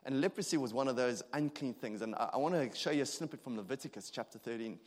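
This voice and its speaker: Earnest thirty-something preacher in a reverberant hall. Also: male voice, medium pitch. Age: 30s. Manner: earnest, halting with frequent restarts and fillers. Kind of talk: sermon.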